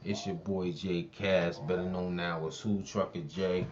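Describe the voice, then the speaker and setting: A man's voice: low-pitched, steady tone, unhurried, highs cut off, slight background noise. A man hosting a commentary channel, talking bluntly and heatedly about a local rap feud. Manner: blunt, heated street talk. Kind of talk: casual commentary.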